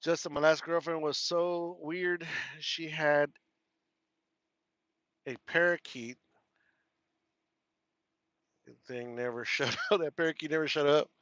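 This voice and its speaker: Sitting in his truck cab, a Texas-twanged man runs a casual live stream, going through viewer comments with frequent laughter and repeated thank-yous. His voice is on the high side, steady, unhurried, and fairly bright; the audio is dry and dull.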